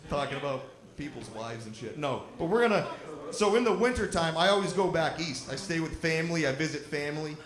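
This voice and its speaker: A young man doing a stand-up comedy set, telling a profane, animated story at a live show in a lodge. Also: on the high side, brisk. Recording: roomy live recording with crowd noise.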